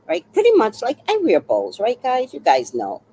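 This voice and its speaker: A woman's voice: a little high, normal speed, gravelly, a little hiss or hum, rough recording. Sixty-something lady chatting on her livestream, laughs a lot, swears a bit, voice swoops all over. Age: 60s. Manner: animated, laughing storyteller who swears casually. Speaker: livestream host. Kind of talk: casual chat on a live stream.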